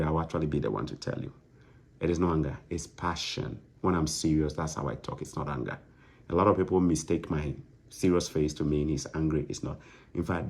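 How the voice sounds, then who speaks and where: A man's voice: low voice, darkish tone, husky. A man on a live stream, answering viewer comments in a stern, emphatic, lecturing way with lots of repetition. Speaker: online content creator answering viewers.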